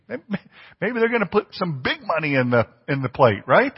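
This pastor has a high, expressive voice with a breathy edge, and he moves at a brisk pace. He delivers his sermon in a conversational manner, questioning the congregation as he goes. It's captured in a dull, lo-fi church recording with long reverb.

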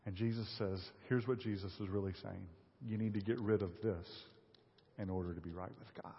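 Man, pastor preaching, reads scripture then explains it, conversational, long hall reverb, muffled sound. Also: mid-range voice. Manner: conversational preaching with fillers, reading scripture aloud. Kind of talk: sermon.

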